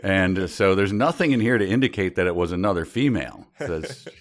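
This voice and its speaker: A man's voice: low-pitched, animated, a little fast. A man from Minnesota, co-hosting a comedy book podcast and making dry, wry jokes. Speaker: podcast co-host. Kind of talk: casual comedic book discussion.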